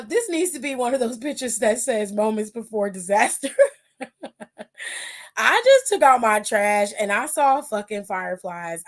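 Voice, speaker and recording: A woman hosts a podcast in a high, bright voice, recapping the night's show in a loose, chatty way. She is blunt and swears freely, tossing in sassy asides and playful jabs. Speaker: podcast host. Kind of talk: casual wrestling recap.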